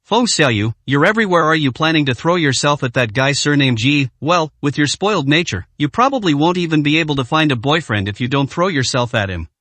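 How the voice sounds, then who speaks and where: A man's voice: on the high side, lively intonation, brisk, hardly any pauses, a bit bright, dry recording. A man voicing a sneering arrogant playboy. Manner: sarcastic, sneering.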